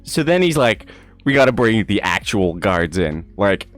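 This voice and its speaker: A young man from Ireland tells a story on a livestream in a casual, animated way, swearing, laughing and acting out the people in it. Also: on the low side, normal speed, faint music behind. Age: young adult. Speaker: streamer.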